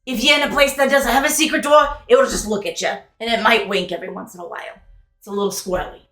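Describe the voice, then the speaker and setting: A woman's voice: on the high side, steady tone, fast talker, bright, forceful tone, faint music behind. Playful woman game master. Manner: playful, joking, casual swearing. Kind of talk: narrating a tabletop game. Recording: roomy echo.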